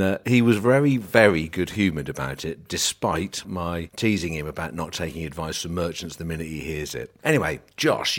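A man from England, a grain trader hosting a casual radio chat, telling self-mocking anecdotes. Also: sits low.

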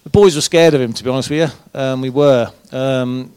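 A man's voice: medium pitch, brisk, darkish tone, clean tone. A former footballer, a man, telling colloquial, swearing anecdotes as a guest at a live event. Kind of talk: casual live storytelling. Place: event room with a live audience.

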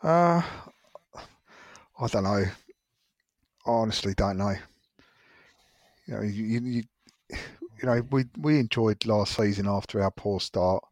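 A low-voiced man co-hosts a casual football podcast. He talks in a measured, reflective way and leans on "you know." The recording is dry and close. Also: dry recording. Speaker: podcast co-host.

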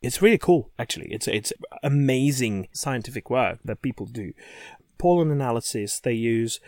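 A man's voice: mid-range voice, expressive, normal speed, darkish tone, no echo, studio quality. A man co-hosting a casual podcast chat, talking eagerly and often repeating words as he starts sentences. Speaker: podcast co-host.

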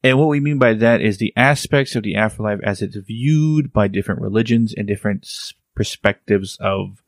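Guy with a low gravelly voice chatting on a podcast, dry close sound, kinda rambly. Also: normal speed, no room sound. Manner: rambling, restarts, teasing. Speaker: podcast co-host. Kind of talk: casual chat.

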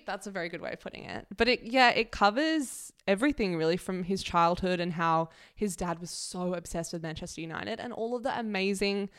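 A woman co-hosting a podcast, chatting casually and telling stories with lively quoted voices. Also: lowish voice, a little fast, few pauses, clear, resonant tone. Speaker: podcast co-host. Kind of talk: casual chat.

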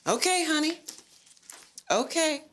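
A woman's voice: high-pitched, lively intonation, slow, a little hiss or hum, heavily acted. An actress playing a worried middle-aged mother pressing her grown daughter about what happened, in a film drama scene. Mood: concerned. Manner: gently pressing, concerned. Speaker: movie character. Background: loud film score.

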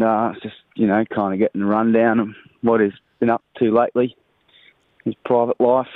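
A man leaving a joke in a laconic, loud voicemail as a caller. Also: lowish voice, dry recording. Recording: tinny phone line.

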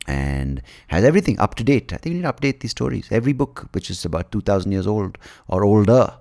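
A man's voice: fairly low pitch, sing-song, fast, gravelly, darkish tone. A man telling a story as a comic monologue, rambling, irreverent and full of jokes. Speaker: podcast guest.

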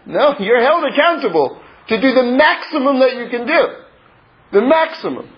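High-voiced man giving a rambling Torah talk. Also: lively intonation, normal speed, muffled recording. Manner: conversational, rambling asides, drops to a low mutter. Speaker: rabbi teaching Torah. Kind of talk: informal Torah lesson.

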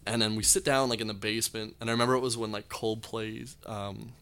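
A man's voice: lowish voice, steady tone, a little fast, fairly bright tone, clear, resonant tone. A young man, a comedian guest, telling long, rambling anecdotes in casual chat. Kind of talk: casual storytelling.

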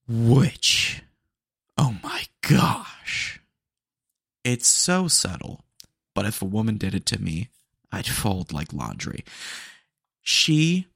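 A man's voice: mid-range voice, creaky, a bit bright, no room sound, studio quality. A young man hosting a podcast, telling retail stories in a chatty, slangy way with lots of fillers. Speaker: podcast host. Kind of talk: casual storytelling monologue.

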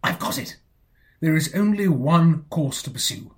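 An actor playing a chatty, young gentleman in a comic radio drama, with a breezy, fussy manner. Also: on the high side, expressive, measured pace. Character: chatty upper-class young English gentleman.

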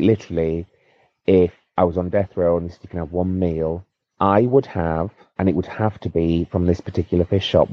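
Deep-voiced man, chatty and rambling, dull lo-fi phone voice note. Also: dry recording. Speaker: listener sending a voice note. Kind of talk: casual voice note. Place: in bed at home.

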